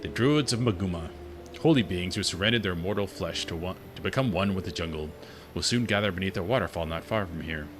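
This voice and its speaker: A man voicing a gentle male angel who speaks for a goddess, in formal, solemn phrasing while reading game dialogue aloud. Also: sits low, lively intonation, brisk, noisy background.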